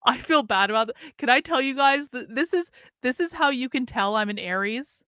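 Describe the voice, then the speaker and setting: A woman's voice: high voice, animated, moderate pace, bright, forceful tone, no echo, studio quality. A woman streaming a casual, candid monologue, swearing freely and laughing often, with an American accent. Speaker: streamer and commentator.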